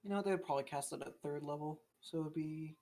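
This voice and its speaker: A game master running a tabletop game in casual chat, halting with fillers and casual swearing. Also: mid-range voice, dark tone.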